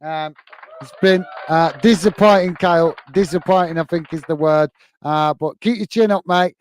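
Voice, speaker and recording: A man's voice: fairly high pitch, normal speed, a little hiss or hum. A tired man hosting a football live stream, reading viewer comments and signing off friendly with lots of fillers. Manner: friendly, repetitive sign-offs, many fillers. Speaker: football channel host.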